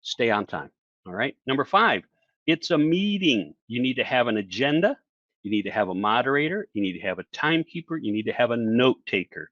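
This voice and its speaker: A man coaching virtual presenters in a lively online talk, who asks the audience questions and acts out other people's lines. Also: mid-range voice, fairly quick, no echo, highs cut off. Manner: animated, acts out quoted voices, asks listeners questions.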